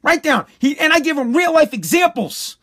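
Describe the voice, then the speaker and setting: A man's voice: very high voice, very animated, normal speed, bright, forceful tone. A middle-aged man ranting bluntly and profanely, hammering each point with short repeated phrases as a talk host. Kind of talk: profane political rant.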